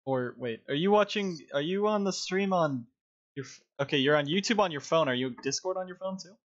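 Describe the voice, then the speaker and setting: A man's voice: fairly high pitch, animated, brisk, muffled recording. A man hosting a casual live stream through a headset, rambling and laughing often. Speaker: stream host.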